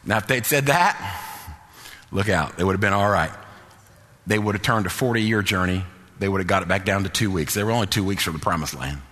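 A man preaching a sermon in a rhythmic, repetitive style that builds to shouted, half-sung peaks. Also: sits low, breathy edge. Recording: long hall reverb.

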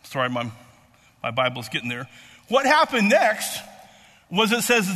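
A man preaching a sermon in a halting, repetitive way with many fillers, reading and explaining a Bible passage. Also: high-pitched, sing-song, pushed and bright, in a large hall.

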